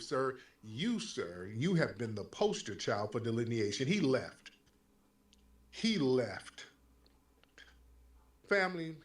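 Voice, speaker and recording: A man with a Black American accent, hosting a heated call-in talk show, mocking and animated, swinging from loud to soft. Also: mid-range voice. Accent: Black American English. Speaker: host.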